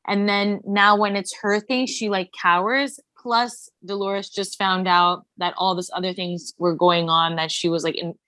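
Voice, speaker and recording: A woman's voice: mid-range voice, steady tone, measured pace, few pauses, pushed and bright, no room sound. A woman co-hosting a podcast, chatting casually, reacting and asking eager questions. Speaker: podcast co-host. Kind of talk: casual pop-culture chat.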